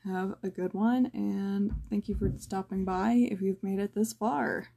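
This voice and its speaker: A tired young woman hosting a personal podcast, venting in a slow, halting way with sighs and stammers, her voice low and close to tears. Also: fairly even intonation, warm tone. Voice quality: low, gravelly voice. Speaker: podcast host.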